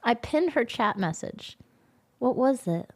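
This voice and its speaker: Excitable high-voiced woman streamer. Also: unhurried. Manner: excitable, swears often, shrieks when thanking gifters. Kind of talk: casual livestream chat.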